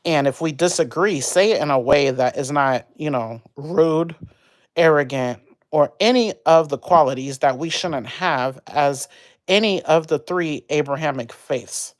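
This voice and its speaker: A woman's voice: sits low, measured pace, no echo. Brief: young woman, casual livestreamer, rambling and heated, dry close sound. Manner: rambling, animated, venting about an argument. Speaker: livestream host.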